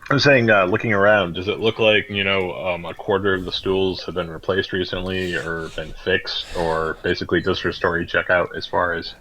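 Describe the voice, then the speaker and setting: Player guy, lowish but bright punchy voice, gets emphatic. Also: level tone, moderate pace, few pauses, a little hiss or hum, rough recording. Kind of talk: casual tabletop play.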